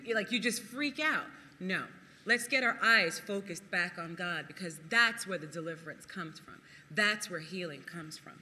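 A preacher giving a sermon and reading scripture aloud. The preacher talks in an animated way, laughs often, and acts out quotes in other voices. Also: medium pitch, normal speed, big-room sound, slight background noise.

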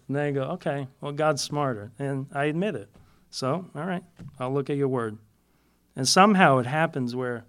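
A man with a slightly raised voice teaches scripture to his fellowship in a relaxed, chatty way. He laughs at himself often and drives points home by repeating single words. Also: fairly high pitch. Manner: repeats key words for emphasis. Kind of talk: informal Bible teaching.

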